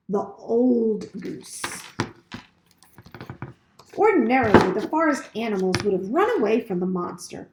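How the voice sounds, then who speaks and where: Woman reading a kids' book out loud, lively voice, echoey room. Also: fairly high pitch, slight background noise. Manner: expressive storytelling. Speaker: reader. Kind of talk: reading a children's novel aloud.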